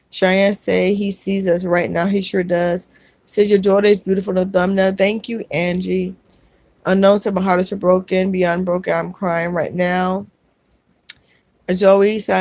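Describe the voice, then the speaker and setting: A woman hosting a casual livestream reads viewer comments aloud and answers them gently, calling people sweetheart. Her speech halts and restarts now and then. The sound is close and dry, with no room echo. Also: mid-range voice. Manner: halting, with fillers and restarts.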